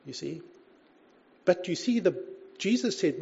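A man's voice: high-pitched, animated, measured pace, gravelly, darkish tone, slightly rough. A man preaching a sermon in an earnest, conversational way, often saying "you see" and reading scripture aloud. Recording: dull lo-fi recording.

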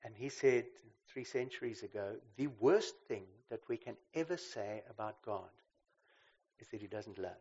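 A man preaching a sermon. He swings between loud emphasis and quiet asides and keeps checking in with "right?". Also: lowish voice, moderate pace, breathy edge. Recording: slightly dull lo-fi recording.

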